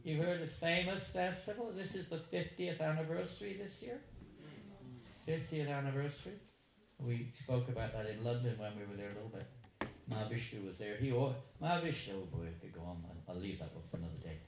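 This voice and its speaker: A man's voice: mid-range voice, fairly quick. A man in his seventies telling stories to a live audience in a chatty, chuckling, digressive way. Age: 70s. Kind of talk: anecdotal talk to a live audience. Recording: roomy hall echo, faint noise.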